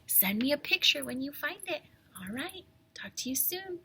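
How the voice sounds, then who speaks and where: A woman teacher reading a storybook aloud to young children, animated, with whispered asides. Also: sits high, normal speed, slight background noise.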